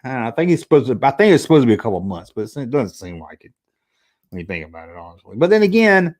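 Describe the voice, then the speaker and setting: A man's voice: medium pitch, fast. Guy chatting on his stream, kinda sleepy, voice jumps all over. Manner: chatty, joking, animated retellings. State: sleepy, yawning. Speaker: YouTube host reading live chat. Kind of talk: casual livestream chat.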